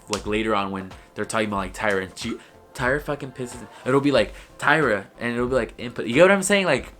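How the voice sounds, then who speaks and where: Low-voiced young man gossiping casually. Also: fairly bright tone. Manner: profane, rambling, heavy use of "like". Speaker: YouTube vlogger.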